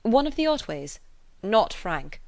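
A woman voicing an earnest middle-aged gentleman who keeps a secret, speaking gravely and in a hushed, hurried way. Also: medium pitch, sing-song, dry recording, pitched above the performer's own voice. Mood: guarded.

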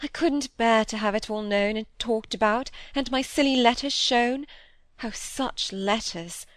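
A woman's voice: on the high side, a little slow, no echo, lightly acted. A woman reading the part of a troubled young woman confessing her regrets to a friend, earnest and regretful. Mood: confiding. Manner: earnest, regretful, rising to indignation. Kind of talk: audiobook reading of dialogue.

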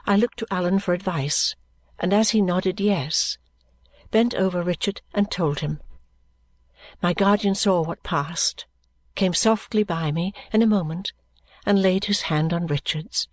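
A woman narrating a classic novel as an audiobook, in a measured, gentle reading. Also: lowish voice, dry recording.

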